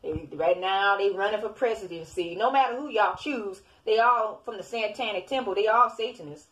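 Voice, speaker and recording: A woman's voice: medium pitch, moderate pace, a bit bright. A woman preaching to an online audience in a loose, informal way. She scolds her listeners and piles up repetitions, checking in with a constant "okay?". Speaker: self-made online preacher.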